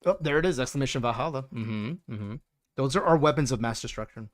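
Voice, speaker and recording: A man's voice: mid-range voice, fast. A man livestreaming a game, chatting playfully with his viewers and greeting them by name. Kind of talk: casual gameplay chat with viewers.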